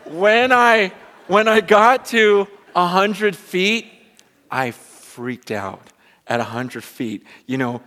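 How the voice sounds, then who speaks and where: Man, 40s, pastor, storytelling sermon, animated then hushed and prayerful, slightly high voice, long hall reverb. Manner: animated storyteller, swinging between excited and hushed prayerful tones. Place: large church hall with a congregation.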